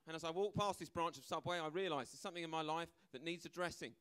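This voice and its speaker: On a comedy club stage before a live audience, a British man performs stand-up in a fairly high, fast, somewhat bright and smooth voice. His style is brash and conversational; he acts out voices and keeps asking "right?"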